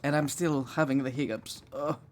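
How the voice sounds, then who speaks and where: A woman's voice: extremely low pitch, fairly even intonation, normal speed, faint music behind. A woman streamer giving chatty, candid commentary over a live gameplay session.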